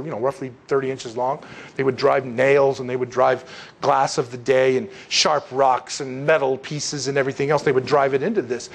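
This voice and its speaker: A man preaching a sermon in an impassioned way, often rising to loud, emphatic peaks. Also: mid-range voice.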